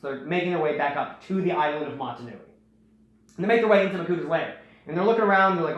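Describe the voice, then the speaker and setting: A man hosting a casual storytelling recap, rambling and animated, acting out the quotes. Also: fairly high pitch, rapid-fire. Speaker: host. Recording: very echoey room.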